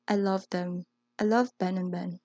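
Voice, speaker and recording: A woman's voice: lowish voice, fairly even intonation, warm tone, no room sound, muffled recording. A young woman from the Philippines with a Filipino accent, hosting a solo podcast in an earnest, reflective way. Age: young adult. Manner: earnest, reflective, slow and deliberate. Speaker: podcast host.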